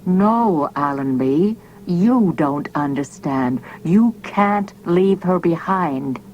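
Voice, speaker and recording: A woman voicing a desperate, lonely man who pleads and shouts, reading an audiobook. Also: fairly low pitch, lively intonation, takes it slowly, muffled recording, a little hiss or hum.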